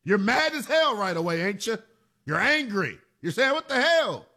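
A man's voice: high-pitched, very animated, moderate pace, sharp tone. A man hosting a sports talk radio show, delivering an emphatic monologue and repeating phrases for punch.

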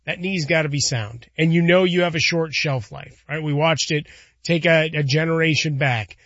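A man's voice: fairly high pitch, moderate pace, fairly bright tone, dry recording. A man co-hosting a sports talk show, chatting casually about football and betting, often tagging his points with "right?". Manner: conversational, tags statements with "right?", chuckles. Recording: dull lo-fi recording.

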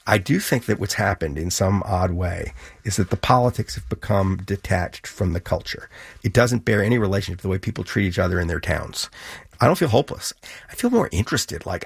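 Middle-aged guy being interviewed, gravelly husky low voice, animated storyteller. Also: no room sound, studio quality. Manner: animated storyteller, acts out quoted exchanges. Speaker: author and guest. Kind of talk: conversational interview.

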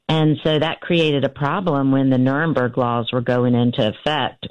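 A woman in her fifties, an author being interviewed, telling a family story earnestly with many pauses and restarts. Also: extremely low pitch, no room sound, dull audio. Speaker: author and guest.

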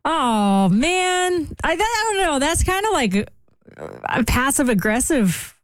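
A woman's voice: high voice, big pitch swings, slow, dry recording. A woman co-hosts a radio show, drawing out the story with playful, probing questions. The sound is dry and close. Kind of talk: casual chat.

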